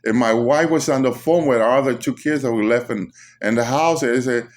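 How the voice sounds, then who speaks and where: A man tells a frightening personal testimony in an ordinary, middle-pitched voice. He speaks haltingly, stumbling and repeating words. An urgent edge runs through his telling. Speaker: storyteller recounting a vision.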